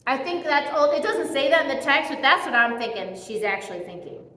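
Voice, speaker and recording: A woman giving a casual, conversational sermon in a church, telling the story in a chatty and animated way. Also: high-pitched, fairly quick. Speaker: speaker giving a church message. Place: church hall. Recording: echoey hall with long reverb.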